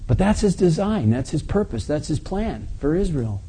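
A man preaches a sermon in a very dark, mellow voice with a slightly husky grain. He talks through scripture, dropping to quiet asides and then building to loud, forceful readings. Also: sing-song, normal speed. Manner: preaching with big swings in volume and pitch, reading scripture aloud forcefully. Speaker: pastor.

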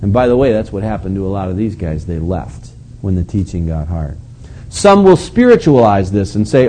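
A male preacher reading scripture aloud and breaking off for quiet, earnest asides to his listeners. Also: lowish voice, sing-song, moderate pace, slight background noise. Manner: reads verses aloud then drops to quiet asides to listeners. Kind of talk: sermon reading and explaining scripture.

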